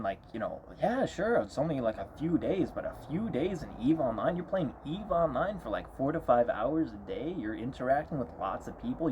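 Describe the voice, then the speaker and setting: A man of middle pitch rants in an exasperated, repetitive way, circling back to the same complaints again and again. A faint hiss sits under his voice in the recording. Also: darkish tone. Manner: exasperated, repetitive venting with mocking quoted voices. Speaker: game vlogger. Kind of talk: frustrated rambling monologue.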